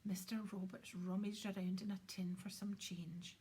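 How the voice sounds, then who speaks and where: A woman narrating an audiobook in a soft, hushed delivery. The voice is very breathy. She keeps it gentle and low. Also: flat delivery, normal speed. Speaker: audiobook reader.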